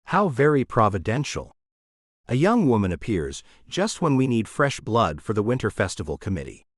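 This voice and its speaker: A man's voice: on the low side, big pitch swings, moderate pace, no room sound, clean studio sound. A man reading an audiobook, voicing an imperious, nosy older woman who plays matchmaker. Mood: imperious, sly. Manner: imperious, sly. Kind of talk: audiobook character voice.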